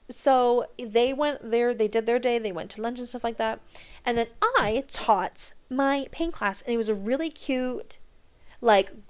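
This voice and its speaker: A young adult woman hosting a podcast, telling stories in a gushing, excitable way with casual swearing. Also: fairly high pitch. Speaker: podcast host. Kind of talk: casual chat.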